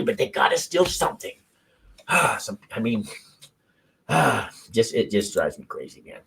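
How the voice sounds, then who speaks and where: A man's voice: fairly high pitch, expressive, fairly quick, gravelly, fairly bright tone, slight background noise, poor audio. A man hosting a casual talk show, speaking candidly and rambling with restarts and swearing between news clips. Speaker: host reacting to news clips. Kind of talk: casual chat.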